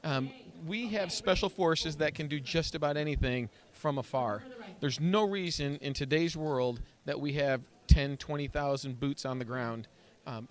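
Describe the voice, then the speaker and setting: A man making a firm, assertive campaign pitch in an interview at an evening gala. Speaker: political candidate.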